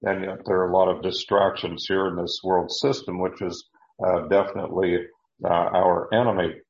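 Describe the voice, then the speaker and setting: Low male Bible teacher, deliberate and halting, in a roomy, muffled recording. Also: flat delivery. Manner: deliberate, with frequent fillers and repeated words.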